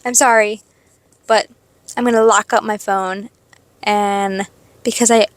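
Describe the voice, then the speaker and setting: A young woman vlogging from her parked car, telling a story in a chatty, animated way, full of "like" and sudden squeals of excitement. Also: medium pitch, measured pace. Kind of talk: casual storytelling chat. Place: parked car in a parking lot.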